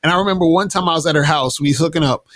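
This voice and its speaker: A man's voice: a little high, rapid-fire, a bit bright, dry recording. A man telling dating stories in a laid-back, slangy way with many restarts, speaking as an interview guest. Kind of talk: casual interview talk.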